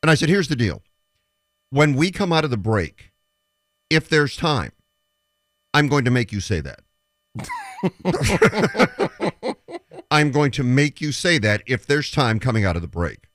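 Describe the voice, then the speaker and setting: A man's voice: medium pitch, big pitch swings, normal speed, pauses often, a bit bright, no room sound, studio quality. A man hosting sports talk radio, making emphatic predictions and retelling stories with quoted dialogue.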